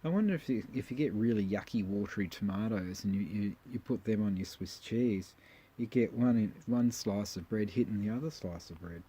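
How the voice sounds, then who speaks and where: A man's voice: lowish voice, fairly quick, dark tone, breathy edge. Wry man joking through old adverts. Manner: wry, joking asides, chuckles often. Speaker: host reviewing old magazine adverts. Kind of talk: casual commentary.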